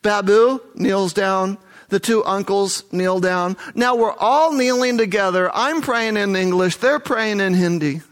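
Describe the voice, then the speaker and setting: A man's voice: high-pitched, unhurried. A man working as a missionary tells a first-person testimony story, earnest and vivid, acting out the dialogue.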